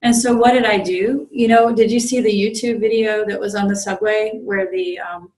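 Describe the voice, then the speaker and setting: A woman's voice: medium pitch, fairly even intonation, moderate pace, a little mellow, poor audio. A woman who is a Zen priest, giving a conversational dharma talk as she tells a personal story, with many ums and restarts. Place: meditation group room.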